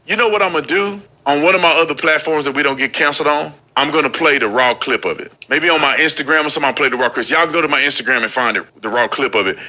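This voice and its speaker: A man's voice: fairly high pitch, quick pace, few pauses, pushed and bright. A man hosting a casual commentary show, often repeating words as he starts sentences. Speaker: host.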